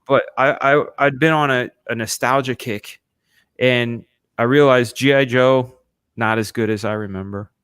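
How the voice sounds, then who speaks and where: A man co-hosting a casual streamed chat, rambling in an animated way and filling his talk with "you know". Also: medium pitch, normal speed, clean tone, dry recording. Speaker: co-host and storyboard artist.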